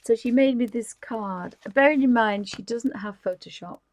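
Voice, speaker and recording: A woman's voice: on the high side, moderate pace, a little mellow, no room sound, low-quality recording. A woman, chatting casually and giggling as she hosts a live stream. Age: 50s. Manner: chatty and giggly, rambling with restarts. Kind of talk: casual chat, showing things to camera.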